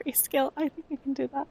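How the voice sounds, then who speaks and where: High, gravelly-voiced woman streamer. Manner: soft-spoken, sweary, emotional. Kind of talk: casual live-stream chat.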